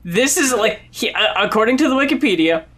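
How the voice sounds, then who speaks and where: A man's voice: high-pitched, expressive, brisk, a bit bright, a little hiss or hum. A man co-hosting a casual album review podcast, explaining the background and stumbling over his words. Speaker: podcast co-host.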